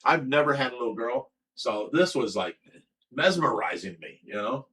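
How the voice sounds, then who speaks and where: A man's voice: medium pitch, normal speed, a little hiss or hum. A middle-aged man from Ohio hosting a casual livestream, telling stories with a lot of laughter. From Ohio, USA. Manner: laughing, animated storytelling. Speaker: livestream host.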